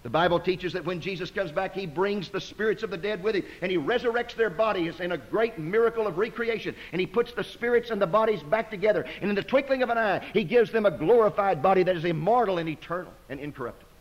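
A man preaching an evangelistic sermon to a congregation, fervent, moving from loud exclamations to hushed, slow emphasis. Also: high voice. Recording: dull lo-fi sermon recording.

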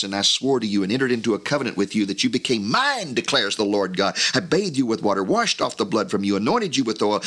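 A man with a low voice delivers a sermon from the pulpit. He reads scripture passages aloud and leans hard on key words, his pitch climbing when he drives a point home. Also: a bit bright. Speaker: preacher.

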